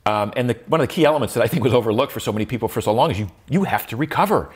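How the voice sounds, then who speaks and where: An older man speaks as an interview guest in a mid-pitched voice. He is reflective and talks with many restarts and fillers. His voice rises sharply when he makes a point. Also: animated, rapid-fire, breathy edge. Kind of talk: conversational interview.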